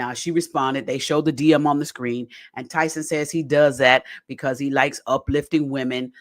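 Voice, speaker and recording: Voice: medium pitch, a bit bright. A podcast host giving casual commentary on a reality show, talking straight to the listeners in a chatty way and repeating phrases for emphasis. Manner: addresses listeners directly as "y'all".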